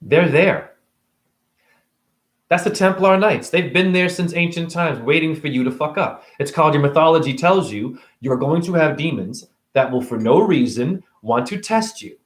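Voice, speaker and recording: A man's voice: fairly high pitch, moderate pace, roomy sound. A man ranting to camera about spirituality, sarcastic and profane. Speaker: vlogger.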